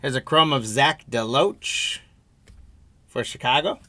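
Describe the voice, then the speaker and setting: A man's voice: medium pitch, takes it slowly, bright, forceful tone. A man hosting a live trading card break stream, reading out player names and teams in a running patter and chatting with viewers.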